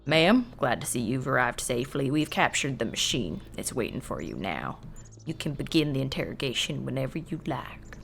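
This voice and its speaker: A woman's voice: extremely low pitch, sing-song, moderate pace, vocal fry, fairly bright tone, soft background music, voice pushed down, heavily acted. A woman voicing a stiff, formal male guard with a cube for a head, in a put-on American Southern accent. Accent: put-on American Southern drawl.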